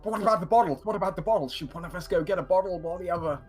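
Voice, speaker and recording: A man's voice: high voice, racing, a little mellow, husky. A man playing a tabletop game, hesitant and full of questions, laughing easily. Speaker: player. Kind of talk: tabletop role-play chat. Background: faint background music.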